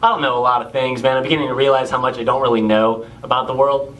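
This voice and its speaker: A man's voice: medium pitch, steady tone, fast, a bit bright, slight background noise, low-quality recording. A young man from Tennessee doing a laid-back, sarcastic stand-up set on a club stage. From Tennessee, USA. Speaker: stand-up comedian.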